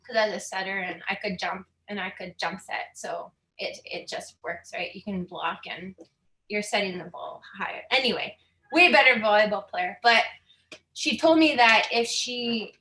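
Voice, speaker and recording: A woman's voice: medium pitch, bright, forceful tone, reverberant. A woman in her thirties from Saskatchewan, giving a candid, chatty personal talk as a guest speaker, laughing often and moved at times. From Saskatchewan, Canada.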